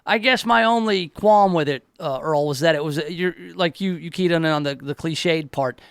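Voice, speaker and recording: A fairly high-voiced middle-aged man talks on a radio show in a wry, chatty way, often restarting his sentences. He is close on a dry studio microphone. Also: normal speed, fairly bright tone, clear, resonant tone, dry recording. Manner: wry, talkative, many restarts. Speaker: radio talk show host. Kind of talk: casual radio chat.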